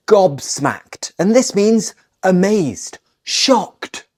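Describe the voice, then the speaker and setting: A British woman teaching English slang at an easy, unhurried pace. Her voice sits low and mellow. She explains each word playfully, with a lively rise and fall as she models the phrases. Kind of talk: scripted language lesson to camera.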